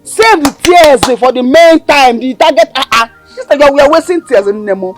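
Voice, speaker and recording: An actress with a Nigerian accent playing a scornful young woman who mocks and bullies her sister, swinging between shouts and mutters. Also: high-pitched, animated, normal speed, soft background music. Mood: scolding.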